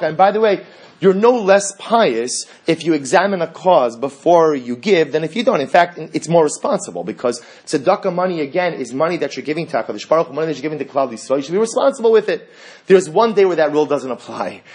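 A man teaching a Torah class, quoting Hebrew sources and translating them in a lively lecturing way. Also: a little high, slightly rough. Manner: animated, quotes Hebrew texts and translates them.

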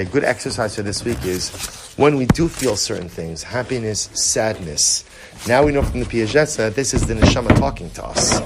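A middle-aged man teaching a Torah class to his study group, animated and repetitive, often acting out inner voices. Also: medium pitch, noisy background. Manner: animated, repetitive, acts out inner voices, mixes Hebrew terms.

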